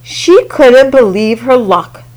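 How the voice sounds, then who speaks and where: Woman storyteller, children's read-aloud, slow pace, lively sing-song pitch, fairly high voice. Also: poor audio.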